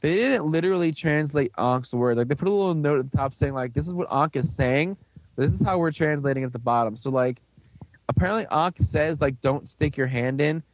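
A young man hosting a casual chat, rambling through a recap with lots of fillers and quick put-on voices for the characters. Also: fairly high pitch. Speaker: podcast host recapping a show.

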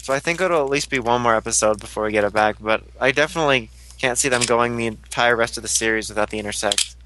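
A man's voice: mid-range voice, pushed and bright, a little hiss or hum, rough recording. A man in a casual chat, guessing what comes next and laughing easily. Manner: chatty, speculative, quick to laugh. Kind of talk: casual chat about a TV show.

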